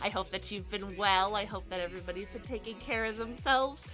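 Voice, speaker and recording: Bright-voiced breathless woman streamer. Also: mid-range voice, brisk, soft background music. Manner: bubbly, chatty, excitable greetings. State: stuffy nose. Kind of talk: casual live-stream chat.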